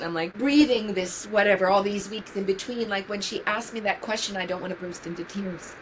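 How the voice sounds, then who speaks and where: A woman's voice: medium pitch, a little fast, few pauses, slight background noise, low-quality recording. A woman in her sixties from New York, a yoga teacher talking as an interview guest in an earnest, musing way, often repeating key phrases. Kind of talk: reflective conversational interview.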